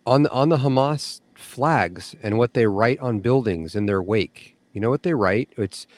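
A man's voice: medium pitch, expressive, moderate pace, dry recording. Blunt, cursing male podcast co-host. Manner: blunt, swears freely. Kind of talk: casual opinionated chat.

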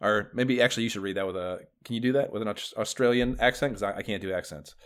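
A man's voice: lowish voice, quick pace, smooth. A man co-hosting a casual gaming podcast, rambling and enthusiastic, swearing freely. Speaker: podcast co-host.

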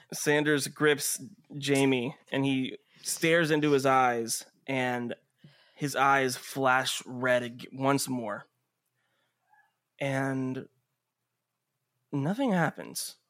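A man narrating as game master of a tabletop role-playing game, in a slow, deliberate way. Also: mid-range voice, fairly even intonation, fairly bright tone, no room sound, clean studio sound.

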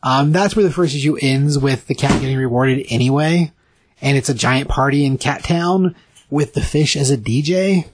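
A man in casual chat recapping a comic, animated and slipping into quick voices for the dialogue. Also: mid-range voice, background noise.

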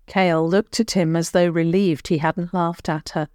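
A woman telling a children's bedtime story in a calm, soothing, unhurried way. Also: on the low side, clean tone, dry recording, studio quality.

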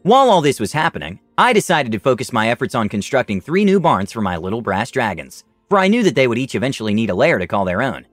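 A man's voice: medium pitch, fast, hardly any pauses, no room sound, faint music behind. A man narrating a first-person fantasy story in a dramatic storytelling manner. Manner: dramatic storytelling, lively rise and fall.

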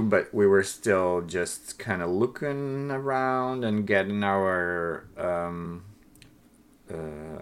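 A young adult man, co-host of a casual chat podcast, telling a story with animated quoted voices. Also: deep voice.

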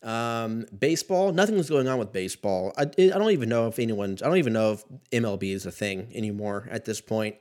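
A man's voice: lowish voice, brisk, hardly any pauses, a little mellow. A man in his thirties ranting casually about basketball in a rambling, profane, self-mocking way. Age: 30s. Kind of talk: casual solo sports rant.

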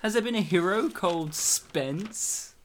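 This host talks in a relaxed, mid-pitched voice during a casual movie watch-along. The delivery is teasing and sarcastic, with lots of laughter breaking through the jokes. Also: measured pace, slight background noise. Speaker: podcast host. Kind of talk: casual movie commentary chat.

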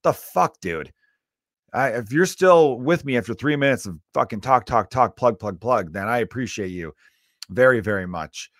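A man's voice: medium pitch, normal speed, no echo, studio quality. A man, a comedian hosting his podcast, ranting casually with lots of swearing and asides. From Chicago area. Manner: profane, animated ranting with frequent asides.

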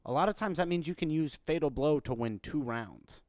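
A man co-hosting a podcast, chatting casually and excitedly about a fighting game, swearing freely. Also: on the high side, brisk, no echo. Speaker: podcast co-host. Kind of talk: casual gaming chat.

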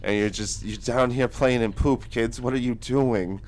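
A man's voice: medium pitch, slow. A man doing a scolding police officer.

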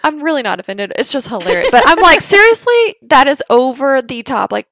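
Brief: Texan woman podcast co-host, slightly high voice, lively and laughing, dry close sound. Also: a little fast, no echo. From Texas. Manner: animated, laughing, emphatic. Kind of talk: casual chat.

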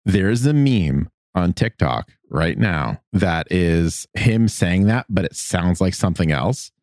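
A man's voice: deep voice, slow, no echo, studio quality. A man in his thirties co-hosting a podcast in casual chat, playful and jokey. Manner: playful, jokey, animated storyteller. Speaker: podcast co-host.

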